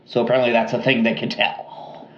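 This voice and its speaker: A man co-hosting a podcast, telling a true-crime story in a casual, relaxed way with lots of fillers and asides. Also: medium pitch, brisk, reverberant, dull audio. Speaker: podcast co-host.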